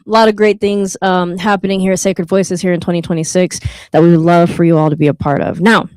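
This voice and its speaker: A woman's voice: fairly low pitch, flat delivery, fast, a little mellow, smooth, dry recording. A woman hosting a live open mic night, joking with the crowd and reading a poem, with a playful, teasing manner. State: out of breath. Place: live venue with an audience.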